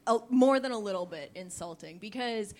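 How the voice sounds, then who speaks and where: A woman comedian bantering on a live comedy stage, quick and sarcastic with halting restarts. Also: medium pitch, expressive, a little mellow. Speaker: comedy debate contestant. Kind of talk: stand-up style banter.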